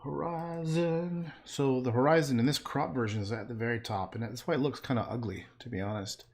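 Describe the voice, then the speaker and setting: A man's voice: mid-range voice, fast. A man painting and chatting casually on a livestream, rambling and trailing off into muttered asides.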